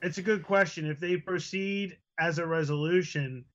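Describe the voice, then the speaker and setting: A man giving a news briefing as senior correspondent, steady and explanatory. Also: on the high side, normal speed, highs cut off.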